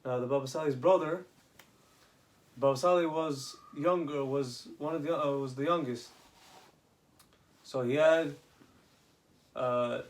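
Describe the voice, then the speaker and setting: A man casually retelling rabbinic stories, halting, with many restarts and Hebrew terms. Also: medium pitch. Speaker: storyteller.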